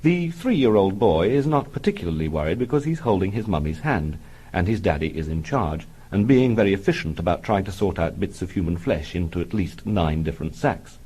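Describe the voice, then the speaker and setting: A man reading a comic memoir aloud in a dry, deadpan manner. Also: sits low, a little fast, husky, low-quality recording. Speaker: comic narrator.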